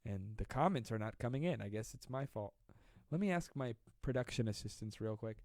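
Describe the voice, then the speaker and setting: A man's voice: mid-range voice, animated, fairly quick, a little mellow, no room sound. A man hosting a casual comedic live stream from home, joking and self-mocking as he rambles between stories and reading comments. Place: at home during quarantine. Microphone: close desk mic.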